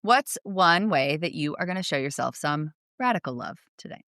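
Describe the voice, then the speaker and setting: A woman co-hosting a podcast, chatting casually with playful, quick quips. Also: low voice, expressive, a bit bright, no echo, studio quality. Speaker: podcast co-host. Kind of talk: casual chat.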